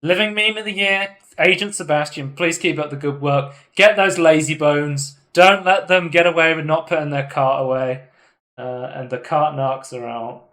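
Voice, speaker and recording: A man from the United Kingdom hosts a laid-back podcast. He talks with animated, excitable energy, swearing freely and slipping into quick voices. His voice sits a little high. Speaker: podcast host. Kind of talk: casual chat.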